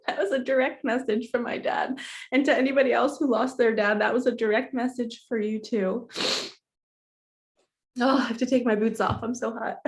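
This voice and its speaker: A woman's voice: a little high, fairly even intonation, unhurried, pauses often. Tearful, chatty woman hosting a card-reading vlog. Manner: chatty and heartfelt, speaking straight to viewers. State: emotional and tearful. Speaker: spiritual coach and host.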